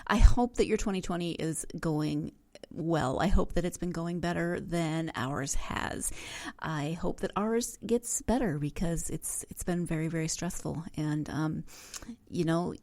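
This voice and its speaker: A woman's voice: low voice, a little slow, dark tone. A woman hosting a book podcast, chatting casually with dry, self-deprecating sarcasm. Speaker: podcast host. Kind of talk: casual solo podcast talk.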